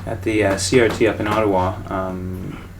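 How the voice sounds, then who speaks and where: A male interviewer asking careful, halting questions. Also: deep voice, level tone, creaky, a little hiss or hum, poor audio.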